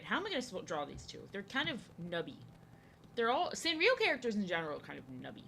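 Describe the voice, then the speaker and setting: A woman's voice: medium pitch, vocal fry, a bit bright, a little hiss or hum. A young woman chatting casually to her live-stream viewers while she draws, often saying her lines twice. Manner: chatty, repeats herself, greets viewers. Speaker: art streamer.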